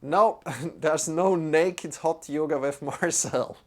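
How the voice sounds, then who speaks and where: A man teaching a live-streamed yoga class. He greets viewers by name and answers their chat comments in an unhurried way. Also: on the high side. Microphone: streaming microphone.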